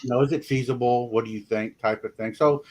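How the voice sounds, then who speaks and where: A man's voice: medium pitch, steady tone, fast, darkish tone. Rambling, folksy man in casual chat. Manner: rambling, folksy, fills with "you know". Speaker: guest, paranormal investigator.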